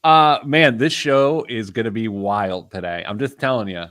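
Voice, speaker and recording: A man's voice: fairly low pitch, moderate pace, dry recording. A man hosting a casual radio show, telling jokey stories on a studio mic. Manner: animated storyteller, jokey. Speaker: host.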